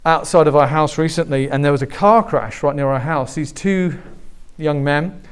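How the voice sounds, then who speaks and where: Pastor, forties, man, higher-pitched voice, lively storytelling sermon. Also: normal speed, clear, resonant tone. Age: 40s. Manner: animated storytelling, acting out quoted voices.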